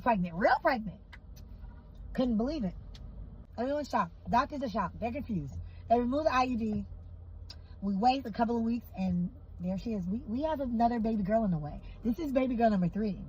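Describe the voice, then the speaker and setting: Woman, casual storytime, emphatic animated retelling, higher voice, muffled recording, faint background hum. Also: a little fast.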